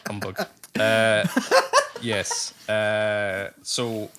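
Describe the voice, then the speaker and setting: A man with a somewhat low voice chats casually about a film with friends. He laughs easily and trails off and restarts as he thinks aloud. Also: level tone, extremely slow, very noisy. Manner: laughs often, many fillers and restarts. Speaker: podcast co-host.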